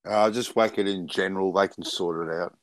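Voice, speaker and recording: A man's voice: sits low, steady tone, fairly quick, no room sound. A man co-hosting a livestream, teasing and laughing often. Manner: teasing, laughs a lot, dry wit. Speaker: co-host. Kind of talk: casual banter on a livestream.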